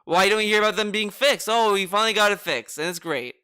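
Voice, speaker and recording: A man's voice: sits high, fast talker, pushed and bright, clean tone. A man streaming, commenting on clips in a mocking, sarcastic way. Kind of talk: casual commentary.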